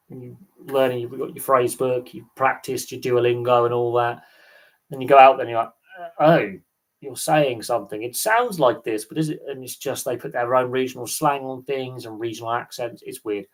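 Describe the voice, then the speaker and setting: A man from England hosting a live stream, chatting casually in a rambling, animated way. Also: medium pitch. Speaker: host.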